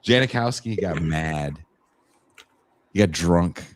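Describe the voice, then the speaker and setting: A man's voice: low-pitched, expressive, takes it slowly. A man from the Bay Area co-hosting a podcast, rambling in a laid-back, profane way. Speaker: podcast co-host. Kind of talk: casual chat.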